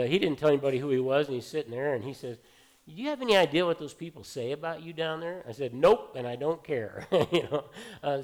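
A middle-aged male pastor preaching in a loose, conversational way, telling stories from his own life between verses. His voice sits at an ordinary mid pitch, and he fills pauses with easy "uh"s. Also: darkish tone. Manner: conversational, anecdotal preaching with frequent fillers. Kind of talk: sermon.

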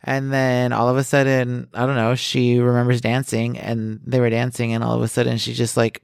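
A man co-hosting a podcast, reading the news and telling stories in casual chat, swearing often and acting out quotes loudly. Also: medium pitch, normal speed, creaky, clean tone, dry recording, studio quality. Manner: animated, swears a lot, acts out quotes loudly. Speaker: podcast co-host.

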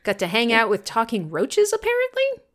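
Lively, sarcastic woman co-host. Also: on the high side, moderate pace. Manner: sarcastic, jokey, self-mocking. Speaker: podcast co-host. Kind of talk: casual chat.

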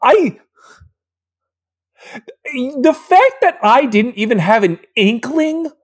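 A man co-hosting a podcast, mocking a movie in casual, animated chat. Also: very high voice, slow, slightly rough. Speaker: podcast co-host.

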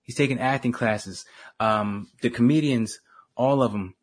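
A man co-hosting a casual talk show, animated and slangy, often trailing off and restarting. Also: medium pitch, measured pace, slightly rough. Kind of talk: casual chat.

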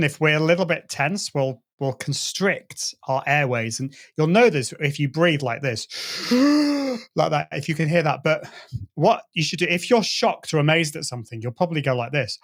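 A middle-aged man, a guest on an interview show, explaining voice and presenting technique and demonstrating sounds as he goes. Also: a little high. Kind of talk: conversational interview.

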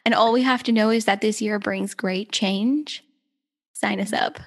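A woman's voice: medium pitch, steady tone, normal speed. A woman hosting a podcast, enthusiastic and chatty, often restarting her sentences. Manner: enthusiastic, rambling, self-correcting. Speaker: podcast host. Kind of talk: podcast conversation.

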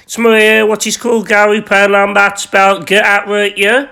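A man hosting a podcast, reading his own erotic story in a rambling, crude, self-important deadpan. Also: high-pitched, moderate pace, gravelly, smooth. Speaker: podcast host.

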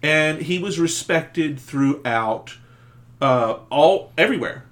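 A man's voice: on the high side, expressive, a bit bright. Man riffing casually on a history podcast. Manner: chatty, quick to agree and riff. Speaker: podcast co-host.

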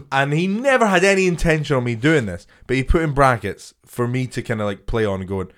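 Sweary comedian telling stories. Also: male voice, mid-range voice, lively intonation, fairly quick, a bit bright. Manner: sweary, storytelling, laughs often. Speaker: comedian podcast co-host. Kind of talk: casual chat.

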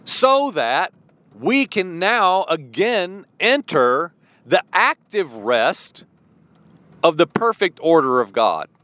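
A man's voice: fairly high pitch, bright, forceful tone, dry recording. A man giving an earnest sermon-style teaching, full of rhetorical questions and restarts. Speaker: preacher.

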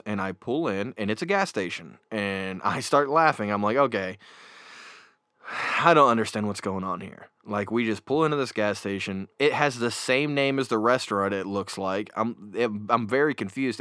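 A man hosting a casual chat show, telling stories in a rambling, animated way with many fillers, close on a desk microphone. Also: fairly low pitch, moderate pace, few pauses, dry recording. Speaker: podcast host. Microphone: new desk microphone.

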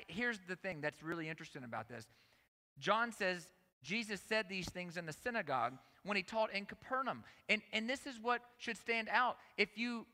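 A man delivers a lively sermon from a stage microphone, his voice high, bright and full of swings in pitch. He presses his points by repeating words and calling on the listeners directly, with a long reverb from a large hall around him. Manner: emphatic, repeats phrases, talks to the audience directly. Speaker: conference speaker. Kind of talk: energetic sermon.

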